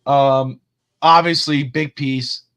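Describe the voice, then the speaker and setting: A man co-hosting a sports podcast, telling stories in a loose, animated way and swearing freely. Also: medium pitch, takes it slowly. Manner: animated, profane storyteller. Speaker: podcast co-host. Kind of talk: casual sports chat.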